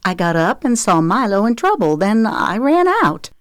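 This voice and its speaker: A woman voicing a flustered, spirited young mother who protests in quick breathless bursts. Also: medium pitch, sing-song, dry recording, clean studio sound, pitched above the performer's own voice, lightly acted. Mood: defensive.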